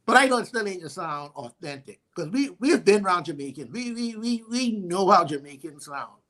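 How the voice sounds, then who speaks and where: Bahamian man, talk co-host, high and bright, chatty storyteller. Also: fairly quick. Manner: animated storyteller, stutters on restarts. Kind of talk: casual chat.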